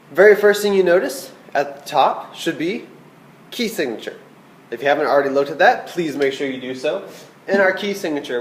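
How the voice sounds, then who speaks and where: A man's voice: mid-range voice, roomy sound, a little hiss or hum, rough recording. A man teaching a recorded flute lesson, patient and checking in with "okay?" as he explains. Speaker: band teacher.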